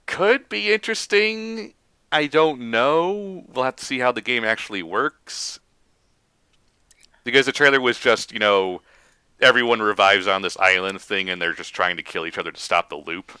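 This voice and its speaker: A man's voice: on the low side, moderate pace, pushed and bright, clean tone, no echo. A man co-hosting a casual gaming podcast, running down the list in a blunt, dismissive way. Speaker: podcast co-host.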